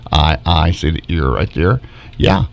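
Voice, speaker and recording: A man hosting a casual live stream from home, pointing things out excitedly and asking the viewers questions. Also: extremely low pitch, unhurried, gravelly. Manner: excitable, wondering aloud, many rhetorical questions. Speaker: backyard paranormal video host.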